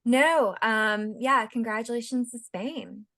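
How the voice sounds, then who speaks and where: A woman's voice: a little high, slow pace, sharp tone. A woman co-hosting a podcast in casual chat, thinking aloud in a hesitant way, full of "you know". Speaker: podcast co-host.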